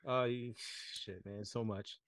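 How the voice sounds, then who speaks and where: A man's voice: lowish voice, fairly even intonation, measured pace, no room sound, studio quality. Swearing, self-mocking man in his forties. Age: 40s. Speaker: podcast guest. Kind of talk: casual chat.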